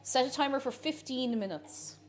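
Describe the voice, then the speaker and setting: A woman's voice: sits high, moderate pace, soft background music. An Irish woman streamer baking at home and chatting with her viewers in a playful, teasing way. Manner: playful, teasing, joking with chat. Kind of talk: casual chat while baking on stream. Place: home kitchen.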